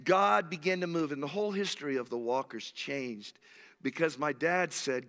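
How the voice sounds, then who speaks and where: A pastor in his sixties preaches with animated, emphatic storytelling. His voice sits a little high for a man. The sound carries a long, echoing church reverb. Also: normal speed, creaky. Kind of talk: sermon. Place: church sanctuary.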